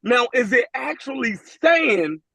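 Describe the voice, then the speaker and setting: A man's voice: very high voice, very animated, measured pace, creaky, a crowd in the background. A man co-hosting a podcast, arguing his point in slangy, casual chat and asking "you dig" a lot. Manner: slangy, repeats "you dig what I'm saying". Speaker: podcast co-host. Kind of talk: heated casual debate.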